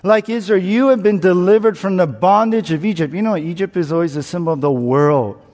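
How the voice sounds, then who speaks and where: A man's voice: high-pitched, fairly quick, a little mellow. A man preaching a sermon, telling a candid personal story with self-mocking humour and acting out his own panic. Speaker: pastor. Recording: long reverb, as in a large hall.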